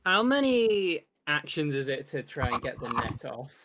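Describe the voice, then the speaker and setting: A man playing a tabletop game, blunt and quick to swear. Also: a little high, big pitch swings, sharp tone, soft background music. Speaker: player. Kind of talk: casual tabletop game chat.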